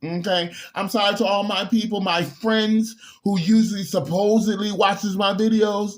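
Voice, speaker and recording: Man, high-pitched voice, heated political rant, sudden shouts, stumbling restarts. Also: fairly even intonation, normal speed. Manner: heated, preachy, repeats words and restarts, sudden loud outbursts. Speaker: bishop.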